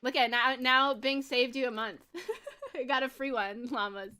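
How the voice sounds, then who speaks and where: A woman's voice: sits high, fairly even intonation, moderate pace, sharp tone, clean tone. A woman in her twenties chatting casually on a gaming livestream, bubbly and giggly, rambling with lots of fillers. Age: 20s. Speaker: streamer.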